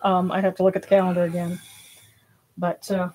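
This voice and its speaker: A woman's voice: fairly low pitch, completely flat delivery, brisk, darkish tone. A woman hosts a spiritual livestream in casual, rambling chat, a little out of breath. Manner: rambling, with many fillers and restarts.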